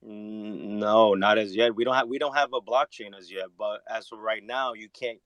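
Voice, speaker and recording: A man's voice: fairly low pitch, fairly even intonation, moderate pace, a bit bright, no echo, highs cut off. A man defending his crypto project in a casual debate, slangy and defensive. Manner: defensive, slangy, says "bro".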